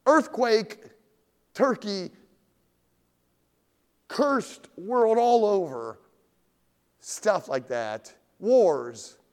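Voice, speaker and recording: A pastor preaches a sermon, swinging between loud, rising questions and low, quiet asides, with big swings in pitch. When he reads scripture, his voice becomes heightened and drawn out.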